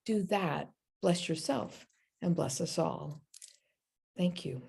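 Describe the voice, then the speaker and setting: A woman minister giving a sermon, telling a story and then leading a slow, meditative prayer. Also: lowish voice, gravelly, mellow, slightly rough.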